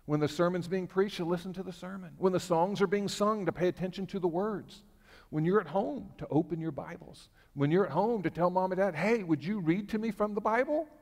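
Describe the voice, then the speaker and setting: A man's voice: on the high side, a little mellow. A man leading a children's sermon in church, friendly and asking the kids questions. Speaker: pastor leading a children's message. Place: church sanctuary. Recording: long church reverb.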